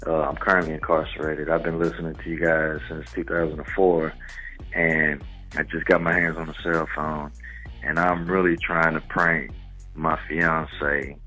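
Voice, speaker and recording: A man with an extremely deep, flat-toned voice leaves a polite, eager voicemail. His voice has a bright edge despite its depth, with faint music behind. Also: normal speed, rough recording. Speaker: caller leaving a voicemail. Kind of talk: recorded voicemail message.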